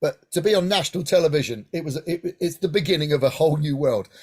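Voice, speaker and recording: A middle-aged man from Hampshire, England, telling lively stories in an interview and often checking in with "right?". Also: on the high side, fast talker, husky. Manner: animated anecdotal, frequent "right?" asides. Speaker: guest singer-songwriter. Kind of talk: casual interview storytelling.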